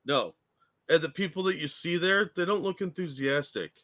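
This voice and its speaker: Blunt, mocking man with a bright voice. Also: a little high, expressive, moderate pace, no room sound. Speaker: co-host. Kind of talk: casual political chat.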